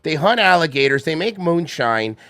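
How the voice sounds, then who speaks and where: A man from Florida in casual podcast banter, excitable and swearing freely. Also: fairly high pitch, moderate pace, dry recording.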